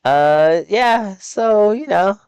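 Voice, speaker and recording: Male streamer, casual build tour, unhurried, very clear, dry close sound. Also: high-pitched, expressive, a little mellow, no room sound, dull audio. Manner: rambling, halting with fillers. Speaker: game streamer.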